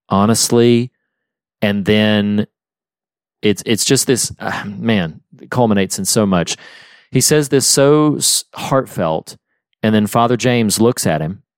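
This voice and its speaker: A man with a deep, smooth voice talks about a film in an earnest, heartfelt way. He retells scenes at length in a relaxed podcast chat, recorded close and dry. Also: dry recording. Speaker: podcast co-host. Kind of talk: casual film discussion.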